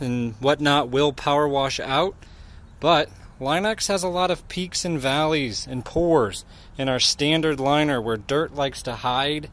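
A man's voice: a little high, fairly bright tone. A man demonstrating a cleaning job at a truck shop, explaining each step plainly in a how-to video. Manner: slow, plain instructional talk. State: out of breath.

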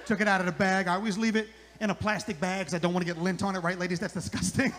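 A man's voice: high-pitched, little pitch movement, rapid-fire, fairly bright tone. A middle-aged man doing a rambling stand-up comedy set on a club stage, repeating his lines for the punch.

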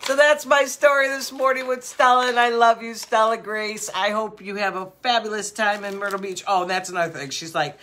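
A woman's voice: mid-range voice, fairly quick, few pauses, slight background noise. An older woman hosting a live jewelry sale show, chatting casually and rambling through stories with frequent laughs. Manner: animated, with many fillers. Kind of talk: casual chat.

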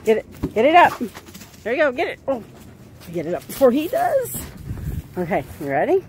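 Woman pet owner, high lively voice, coaxing and laughing at her dog poolside on a phone. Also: normal speed, a little hiss or hum. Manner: coaxing, laughing, sing-song. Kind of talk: casual chat with her dog. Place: outdoor pool.

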